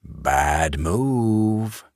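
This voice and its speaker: A man voicing a cold, threatening male bank manager in a slow, hushed whisper. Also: low voice, very animated, gravelly, dry recording, studio quality, full character voice.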